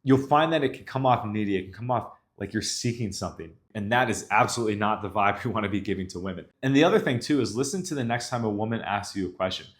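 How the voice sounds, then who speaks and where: A young man coaching other men on dating, talking to camera in a confident, even tone that ends his sentences low. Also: quick pace, hardly any pauses. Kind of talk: instructional talk to camera.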